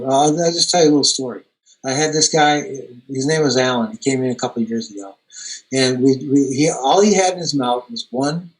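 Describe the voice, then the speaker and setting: Male dentist guest, halting explanations full of restarts, mid-pitched voice. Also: rough recording. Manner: halting, repeats words, tells anecdotes. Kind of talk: online Q&A interview.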